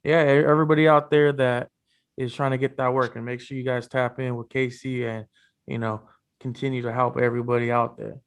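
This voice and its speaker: Gravelly-voiced male podcast host. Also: medium pitch, fairly quick. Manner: relaxed, loose, many fillers. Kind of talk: casual interview.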